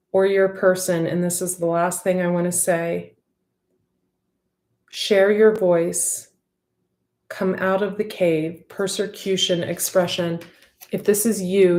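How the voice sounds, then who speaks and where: A woman's voice: lowish voice, a little mellow, reverberant. A woman giving an intuitive tarot reading to her viewers, talking in a heartfelt, rambling way with many fillers. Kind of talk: casual spoken intuitive reading.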